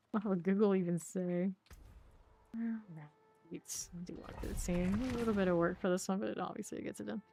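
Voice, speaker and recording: A woman's voice: mid-range voice, steady tone, normal speed, vocal fry, warm tone. Chatty woman streaming a game. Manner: chatty, laughs often, reacts to chat. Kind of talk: casual gameplay streaming chat.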